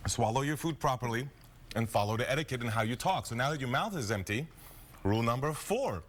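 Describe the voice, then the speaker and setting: A man who is a guest historian on a live morning TV show, playful and laughing often as he slowly reads out old rules. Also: mid-range voice, animated, a bit bright. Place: TV studio.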